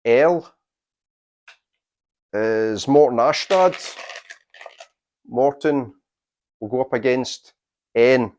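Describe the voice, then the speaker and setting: A man reads out a quiz tournament draw at a slow, steady pace. He pauses between names and drops in dry asides. His voice sits at a middling pitch. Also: a little hiss or hum. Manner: deliberate, unhurried announcing with dry asides. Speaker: quiz host.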